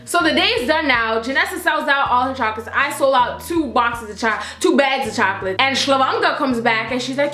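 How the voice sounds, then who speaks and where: A young woman telling a storytime vlog in an animated, slangy, profane way. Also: high-pitched, normal speed, hardly any pauses. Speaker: vlogger. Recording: roomy echo, faint music.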